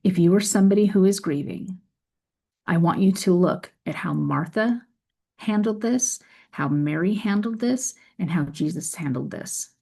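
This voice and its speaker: A woman's voice: on the low side, normal speed, vocal fry, mellow, husky. A woman reading a scripture passage aloud and then reflecting on it in an earnest, conversational way as a faith video creator.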